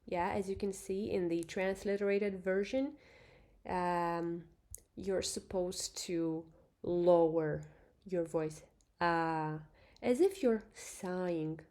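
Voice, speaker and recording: Slow, patient woman teaching Thai script. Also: fairly low pitch, warm tone. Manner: slow, patient, demonstrates sounds with many fillers. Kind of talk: online language lesson.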